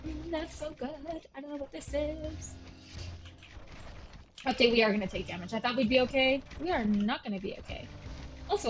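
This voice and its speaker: A woman's voice: a little high, low-quality recording. A young woman chatting casually and self-deprecatingly as she comments on a game she is playing at home, drifting off into tangents. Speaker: gaming channel host. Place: at home with her cats.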